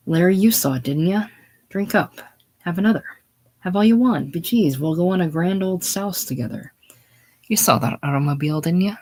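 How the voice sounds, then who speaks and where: A man's voice: sits high, moderate pace. A man voicing an aging saloon keeper, worn down and spiritless, in a stage play reading. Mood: pleading. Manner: pleading, then flat and dull. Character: older male saloon owner, broken and spent.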